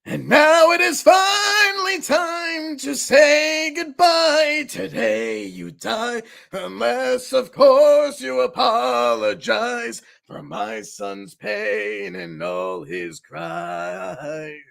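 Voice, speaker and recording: A man voicing a loud, menacing talking knife, singing slowly and dramatically on a livestream. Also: very high voice, creaky, voice pushed up, full character voice. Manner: slow, drawn-out sung delivery.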